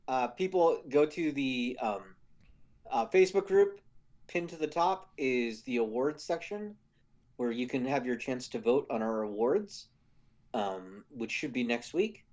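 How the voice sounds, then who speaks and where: Relaxed male podcast co-host. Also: medium pitch, unhurried. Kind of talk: casual podcast chat.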